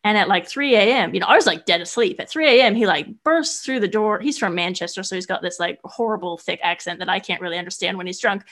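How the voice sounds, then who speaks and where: A young adult woman, a guest and solo traveler, telling a story casually in an animated, chatty way full of "like" fillers. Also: medium pitch, quick pace, few pauses.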